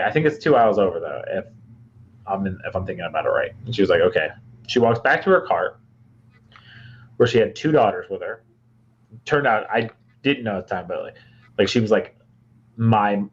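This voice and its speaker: A man's voice: sits low, muffled recording, slight background noise. A young man from Michigan, a podcast co-host, telling a long rambling story with lots of fillers and restarts. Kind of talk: casual storytelling chat.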